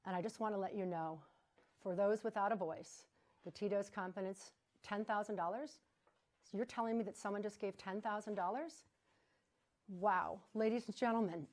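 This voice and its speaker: A woman hosting a live fundraising broadcast with an energetic, emphatic delivery. She talks off the cuff in a chatty way, at a mid-range pitch. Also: moderate pace, long pauses. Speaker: fundraising gala host.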